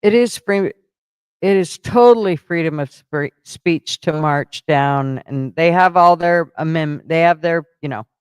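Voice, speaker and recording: A man's voice: on the high side, unhurried, clear, resonant tone, no room sound, poor audio. A man hosting a casual livestream, rambling to himself while he fumbles with the setup, blunt and profane as he scolds his chat in jest. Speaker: livestream host.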